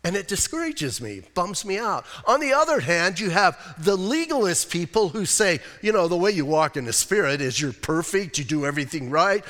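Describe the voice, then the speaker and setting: A man's voice: high voice, bright, forceful tone. A man preaching a plainspoken, casual sermon to his congregation in a church. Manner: plainspoken, casual, self-deprecating. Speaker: pastor. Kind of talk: conversational sermon. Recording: long reverb of a church hall.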